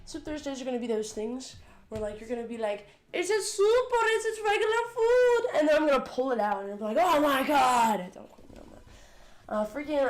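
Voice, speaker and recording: High-voiced teen girl with a cold. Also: a little mellow. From United States. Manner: joking, playful, swears casually. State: sick with a cold, voice cracking. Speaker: cooking livestream host. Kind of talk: casual livestream chat. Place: home kitchen. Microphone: desk condenser mic.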